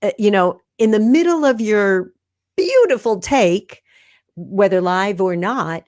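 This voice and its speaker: A woman's voice: medium pitch, expressive, takes it slowly, darkish tone, no echo, studio quality. A woman guest coaching about video, talking in a casual, encouraging way on a video call. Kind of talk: casual live interview chat. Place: room at home.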